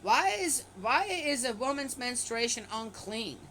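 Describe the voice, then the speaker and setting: A woman's voice: fairly high pitch, sing-song, measured pace, pushed and bright, slight background noise, low-quality recording. Skeptical woman reading scripture aloud. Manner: reads aloud and breaks off to comment skeptically. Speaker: bible reader and commentator. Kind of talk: casual scripture reading with commentary.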